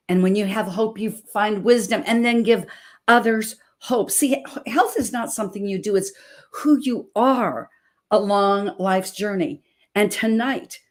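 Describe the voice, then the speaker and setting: Emphatic woman in her sixties hosting. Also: medium pitch. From Montana, USA. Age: 60s. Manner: emphatic, preacherly, animated storytelling. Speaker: host and health coach. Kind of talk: inspirational talk show intro.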